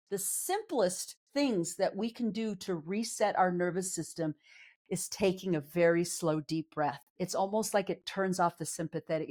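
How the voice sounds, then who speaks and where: On camera in a conversational interview, a woman who works as a psychologist and life coach speaks earnestly and candidly, explaining things in a reassuring way. Her voice is mid-range with a darkish tone.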